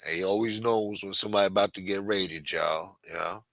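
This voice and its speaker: A man's voice: low-pitched, steady tone, fairly quick, a bit bright, no echo. A man hosting a casual live stream, rambling and swearing, reading chat aloud and acting out quotes in a raised voice.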